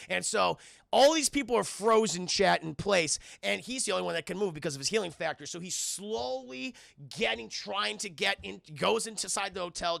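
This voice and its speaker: A man excitedly recapping a film scene by scene on a live stream, swearing freely and constantly addressing his chat. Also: high-pitched, vocal fry, no room sound, clean studio sound.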